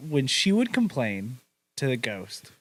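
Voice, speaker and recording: A young man recounts a ghost story on a casual podcast. His delivery is relaxed and crude, full of swearing and "uh" and "like" fillers. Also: mid-range voice, a little slow, poor audio. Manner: laid-back, swears a lot, hedges with "uh" and "like".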